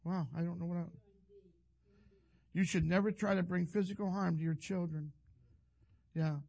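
Gravelly older preacher man. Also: high-pitched, fairly even intonation, moderate pace, a little mellow. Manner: rambling, folksy, self-interrupting. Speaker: pastor. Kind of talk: sermon with personal story.

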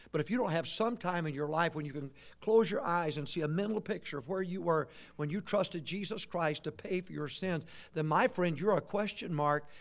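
An older man from Michigan preaching a revival sermon, swinging from shouts to quiet folksy storytelling with humorous asides. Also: a little high. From Michigan, USA. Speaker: visiting preacher.

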